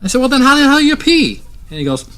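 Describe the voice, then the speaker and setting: A man putting on a brash high-voiced joke teller. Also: very animated, bright, forceful tone, heavily acted. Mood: brash joking. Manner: rapid, punchy joke delivery.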